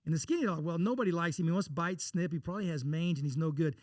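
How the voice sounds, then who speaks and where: Blunt and folksy, a Texan investor tells stories as a guest on an interview show, talking fast in a fairly high register. He slips into acting out the dialogue, his tone a little mellow. The sound is close and dry with no room sound.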